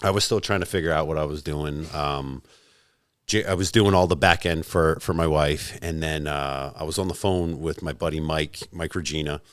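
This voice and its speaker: Brief: deep, dry-sounding man in his forties, profane storyteller, podcast guest. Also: steady tone, moderate pace, clean tone, no room sound. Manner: profane, storytelling, acts out both sides of conversations. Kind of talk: casual podcast chat.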